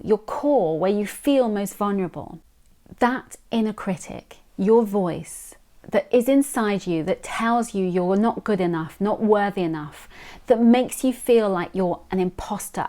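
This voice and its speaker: A woman's voice: on the high side, dark tone. A woman giving an earnest, encouraging motivational talk, coaching the listener and repeating key phrases.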